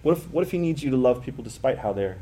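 Middle-aged male pastor, mid pitch, chatty sermon delivery with punchy emphatic bursts. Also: animated, rapid-fire, warm tone, slight background noise. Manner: conversational, self-deprecating, with rising emphatic bursts. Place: church sanctuary.

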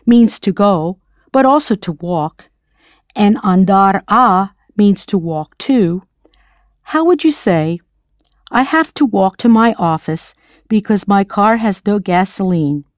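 In a scripted audio lesson, an American language teacher patiently and encouragingly prompts the listener to answer. Her middle-pitched voice is expressive, and she takes it slowly. The sound is close and dry, with no room sound.

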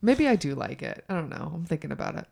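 A woman's voice: low-pitched, big pitch swings, fast, creaky, a little mellow. A woman co-hosting a casual podcast chat, frank and chatty, who swears casually. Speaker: co-host.

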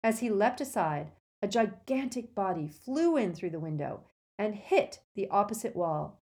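A woman narrating a storybook in a steady, measured way. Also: mid-range voice.

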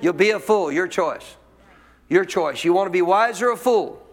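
A preacher with a notably high voice gives a church sermon, driving his points home with emphasis and lively intonation at a normal speed. He keeps posing questions to the congregation and repeats key lines so they sink in.

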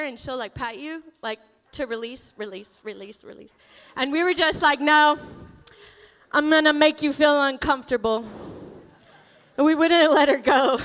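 A woman pastor preaching a sermon in a church, emotional and animated, laughing often as she tells stories. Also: a little high, smooth, long reverb tail. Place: church sanctuary.

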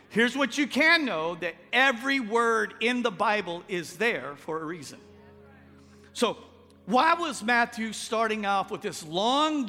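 High, bright-voiced Texan preacher in a reverberant hall. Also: male voice. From Texas. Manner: folksy and joking, with a conversational delivery. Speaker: pastor. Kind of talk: sermon.

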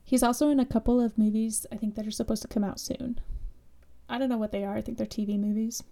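A woman's voice: a little high, fairly even intonation, quick pace, creaky, mellow. A woman co-hosting a podcast, casually and sarcastically recapping a horror movie with lots of fillers. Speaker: podcast co-host.

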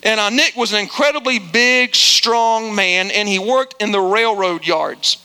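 A middle-aged male pastor preaches with a very high, bright voice. His tone is smooth and clear. He tells stories in a chatty way, with self-deprecating asides. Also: unhurried. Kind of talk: sermon with comic storytelling.

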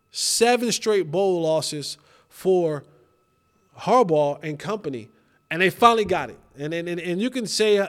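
A man in his thirties with a high voice hosts a casual sports talk show. He talks in an animated, joking way and repeats himself often. He slides into playful rants. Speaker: podcast host.

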